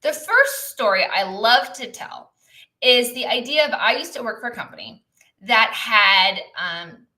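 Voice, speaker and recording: Her voice sits fairly high, with lively intonation, a measured pace, and a bright, forceful tone. This business coach, who has lived in many countries, gives a live-streamed coaching talk, chatting, reading comments, and breaking off sentences to start again as she walks through examples.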